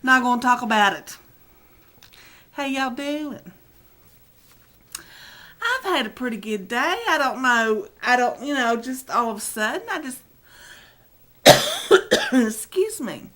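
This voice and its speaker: A woman's voice: sits high, sing-song, slow pace, long pauses, fairly bright tone. Teary middle-aged woman chatting. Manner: rambling, self-deprecating, chatty. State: teary, close to crying. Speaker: video blogger. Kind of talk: casual chat to camera.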